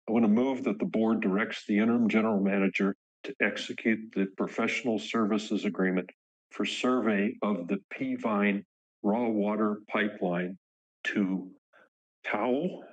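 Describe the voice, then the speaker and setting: Slow husky guy chairing a board meeting, lots of ums, kinda dull lo-fi sound. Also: fairly low pitch. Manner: halting, with frequent ums and restarts. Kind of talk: formal meeting discussion.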